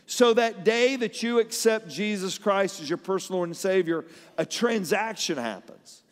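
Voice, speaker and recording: A middle-aged man, an animated pastor preaching a sermon and telling personal stories. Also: high-pitched, normal speed, long reverb tail. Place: large church hall.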